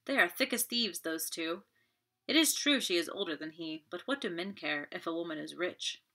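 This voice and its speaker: A woman's voice: medium pitch, normal speed, pushed and bright. A woman voicing a distraught young Frenchwoman who pleads with emotion in an audiobook reading. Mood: accusing.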